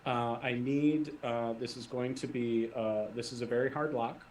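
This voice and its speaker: Acting as game master in a tabletop role-playing game, a man describes the scene and calls for dice rolls. His mid-range voice is fairly even and darkish at a moderate pace, picked up by a distant mic in an echoey room with slight background noise.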